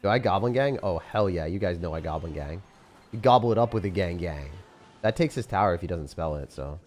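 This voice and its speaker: A man's voice: low voice, lively intonation, a little fast, a little mellow. A young man giving loose, jokey live commentary on his gameplay as a streamer, full of slang and sudden outbursts. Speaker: gaming streamer.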